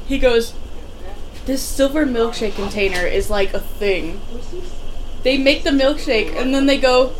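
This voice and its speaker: A young woman co-hosting a casual movie-watching podcast, animated and swearing, acting out scenes in voices. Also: high-pitched, unhurried. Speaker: podcast co-host.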